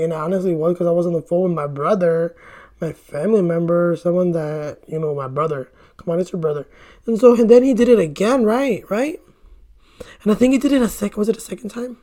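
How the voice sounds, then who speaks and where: A man's voice: high-pitched, fast, mellow. A young man chats straight to camera as he does his makeup, spinning a long, rambling story about a date gone wrong. He talks loosely and casually, drops "bro" often, and swears freely whenever he gets worked up. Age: young adult. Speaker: vlogger.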